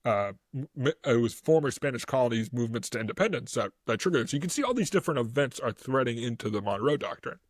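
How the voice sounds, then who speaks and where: A man's voice: medium pitch, expressive, fast talker, hardly any pauses, no room sound, clean studio sound. A man co-hosting a casual history podcast, rambling through his notes, stumbling over words and laughing often. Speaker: podcast co-host.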